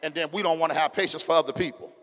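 A middle-aged male pastor with an African American Vernacular English accent, preaching a sermon with call-and-response and swinging from hushed to shouting. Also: a little high, steady tone, racing. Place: church sanctuary. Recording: long hall reverb.

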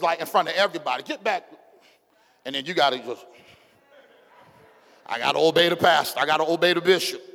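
Pastor with a high voice preaching, churchy reverb. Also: male voice, creaky. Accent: African American Vernacular English. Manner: call-and-response preaching, swings from hushed to shouting. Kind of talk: sermon. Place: church sanctuary. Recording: long hall reverb.

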